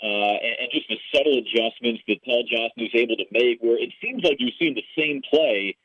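A husky, medium-pitched man from the Chicago area, a play-by-play broadcaster with a Chicago accent, answers podcast interview questions at a fairly quick clip in an earnest, storytelling flow. The audio is a tinny phone line, narrow and dry with no room sound.

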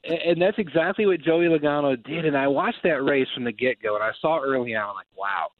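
A man hosting casual racing talk, telling stories with lively quoted voices. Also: mid-range voice, a little fast, no room sound. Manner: animated storyteller, acts out quotes. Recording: dry tinny phone-like sound.

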